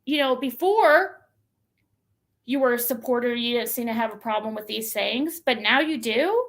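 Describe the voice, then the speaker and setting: With lively intonation and a moderate pace, a woman rants casually on her own livestream. She's exasperated and venting, quoting the messages she got in a mocking, shrill impression.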